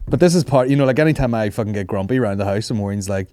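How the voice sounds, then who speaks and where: A man's voice: fairly low pitch, quick pace, hardly any pauses, no room sound. A man hosting a podcast, telling stories casually with plenty of swearing and laughter. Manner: swearing, laughing, animated storytelling. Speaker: podcast host.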